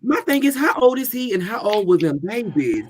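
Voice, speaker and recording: A talk show panelist jumps in with sassy quips and pointed questions. The voice swings widely up and down in pitch as they talk. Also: big pitch swings, normal speed, slight background noise. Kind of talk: casual talk show chat.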